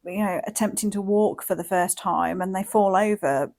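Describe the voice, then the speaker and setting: A woman hosting a wellbeing podcast, talking in a gentle, reflective monologue with frequent "like" and "you know" fillers. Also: medium pitch, steady tone, normal speed. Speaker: podcast host and wellbeing coach.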